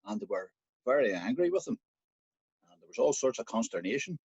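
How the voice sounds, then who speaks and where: Irish male storyteller, chatty folk-tale telling, lively intonation, dry lo-fi sound. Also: mid-range voice, fairly quick, breathy edge, no room sound. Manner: lively, conversational, speaks to listener directly.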